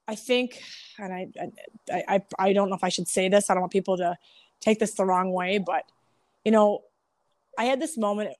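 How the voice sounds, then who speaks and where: A woman's voice: mid-range voice, a little mellow, no echo. A woman who owns a salon, telling stories candidly and laughing often, frank and self-deprecating with casual swearing. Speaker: salon owner, guest. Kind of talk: candid storytelling.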